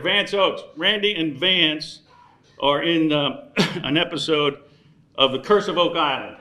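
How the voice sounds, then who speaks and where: A man's voice: fairly high pitch, measured pace, pushed and bright, echoey room. A man in his sixties giving a joking dinner speech as emcee, teasing the audience between thank-yous. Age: 60s. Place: large banquet room.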